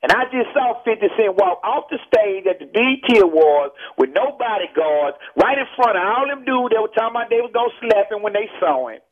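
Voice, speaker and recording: Texan guy calling into the radio, high voice, heated and preachy, muffled phone sound. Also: animated, brisk, few pauses, slight background noise. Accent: Texan Southern US. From Texas. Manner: emphatic, preachy, keeps repeating "man". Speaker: phone-in guest, rapper. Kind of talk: heated call-in radio interview. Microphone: telephone. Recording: tinny phone line.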